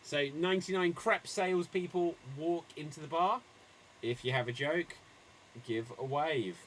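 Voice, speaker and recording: A man hosting an improv comedy show, calling on players and delivering pun jokes with a dry pause. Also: a little high, fairly bright tone, slight background noise. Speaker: improv game host.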